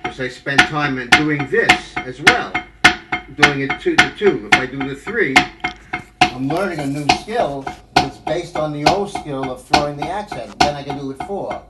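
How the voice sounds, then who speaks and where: A man with a slightly high voice, speaking at normal speed, teaches a live drum lesson while rambling and thinking aloud, full of fillers. The mic sits at a distance in an echoey room with background noise.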